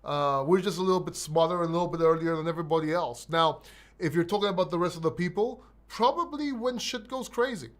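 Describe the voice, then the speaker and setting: A man with a high voice and a mixed London and Greek accent hosts a live crypto Q&A. He is blunt and emphatic, drops the odd swear word, and stumbles over repeated words as he answers viewers' questions. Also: fast talker. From born in London, raised in Greece. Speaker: crypto livestream host. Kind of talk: live Q&A, reading chat questions.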